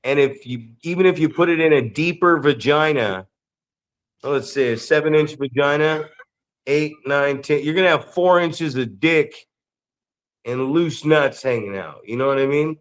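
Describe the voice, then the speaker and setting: A man's voice: on the high side, moderate pace. A man co-hosting a wrestling podcast, telling crude rambling stories in casual chat and slipping into quoted voices. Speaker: podcast co-host.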